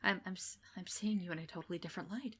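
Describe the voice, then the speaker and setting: A woman's voice: lowish voice, fast, sharp tone, husky. A woman co-hosting a podcast, bantering with a giggly, teasing manner. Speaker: podcast co-host. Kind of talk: casual podcast chat.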